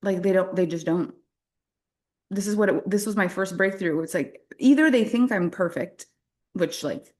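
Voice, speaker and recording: Woman, from French-speaking Canada, business coach, motivational workshop talk, candid, animated, self-deprecating, laughs often, mid-pitched.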